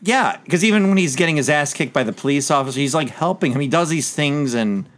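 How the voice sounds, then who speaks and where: A man in casual chat, relaxed, adding details while discussing a movie. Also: on the high side, fast talker.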